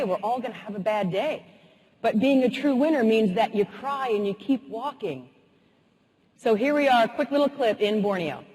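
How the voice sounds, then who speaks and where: A woman motivational speaker telling a humorous, animated story in a keynote talk. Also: medium pitch. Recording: husky voice in a reverberant hall.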